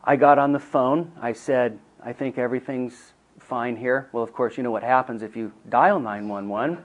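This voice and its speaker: Middle-aged man, earnest storyteller, teaching talk, mid-pitched voice, hushed then emphatic. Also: moderate pace, muffled recording. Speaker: speaker teaching counselors.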